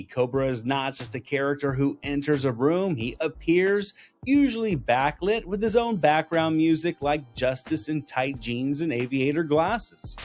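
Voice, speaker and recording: Relaxed middle-aged male narrator. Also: a little high. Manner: relaxed, reflective, affectionate. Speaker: host. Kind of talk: scripted narration.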